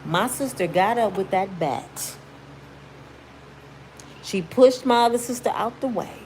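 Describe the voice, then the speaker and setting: This woman vlogger has a mid-range voice and a measured pace, and there's a faint hiss or hum on the audio. Her storytelling is casual, slangy and blunt, animated and emphatic, with quoted dialogue shrieked out.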